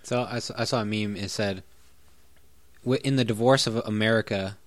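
A man chatting on a podcast in a low voice, soft-spoken and a bit halting. The sound is dry and close, with no room around it. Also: steady tone, no room sound. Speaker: podcast co-host. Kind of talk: casual chat, reading notes aloud.

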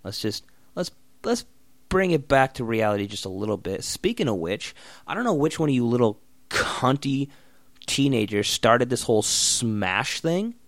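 Young male podcast host, profane sarcastic ranter, animated delivery, dead-dry room sound. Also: mid-range voice, moderate pace, dry recording. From Oregon. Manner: profane, blunt, sarcastic ranting. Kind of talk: solo ranting podcast.

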